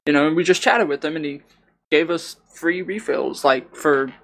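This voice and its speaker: A man's voice: fairly high pitch, moderate pace, gravelly, a bit bright. A young adult man co-hosting a podcast, chatting casually and telling a rambling story full of fillers like "like" and "dude.". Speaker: podcast co-host. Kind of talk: casual chat.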